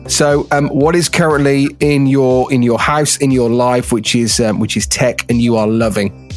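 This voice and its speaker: A man hosting a casual podcast chat, brisk and cheerful as he asks questions. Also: medium pitch, steady tone, soft background music. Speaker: podcast host.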